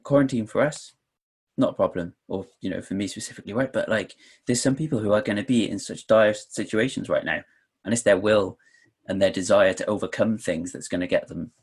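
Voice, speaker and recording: A man from the UK chatting casually on a podcast, telling a story in a relaxed way with some swearing. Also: fairly low pitch, fairly quick, slightly rough.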